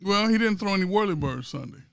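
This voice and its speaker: A man, a pastor co-hosting a podcast, chatting casually about sports and politics and telling stories that build to loud punchlines. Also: high-pitched, lively intonation, quick pace, creaky, clear, resonant tone, dry recording, studio quality.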